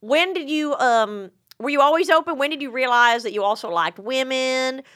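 A woman's voice: sits high, normal speed, a bit bright, clean tone, dry recording, clean studio sound. A middle-aged woman with a Southern American accent, hosting a casual interview and teasing her guest with frequent laughs. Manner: chatty, teasing, laughs often. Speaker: host.

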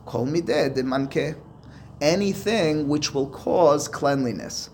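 A man's voice: a little high, slow, a little mellow, a little hiss or hum. Man teaching Talmud, step by step. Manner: explains step by step, reads Aramaic and Hebrew then translates. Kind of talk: Talmud lesson.

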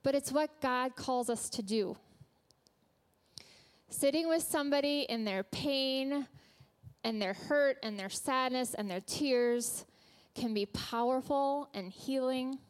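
A woman who works as a nurse, giving an earnest, gentle sermon that she tells like a story in a church. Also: high-pitched, slow pace, clear, resonant tone.

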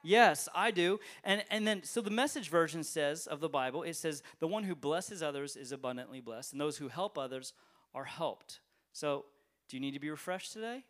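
High-voiced man preaching a sermon. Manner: conversational, talks straight to the congregation with rhetorical questions; swings between loud emphatic lines and quiet low ones. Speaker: pastor. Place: church service, streamed online.

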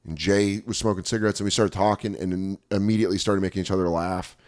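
A male comedian telling stories in casual podcast chat, riffing and breaking into quick impressions. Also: deep voice. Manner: animated storyteller, riffs and does quick impressions. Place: podcast studio. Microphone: studio podcast mic.

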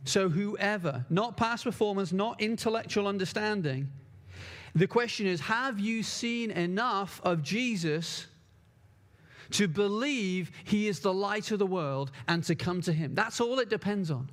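A man's voice: sits high, measured pace, fairly bright tone. A man preaching a sermon, earnest and emphatic, repeating key words for stress.

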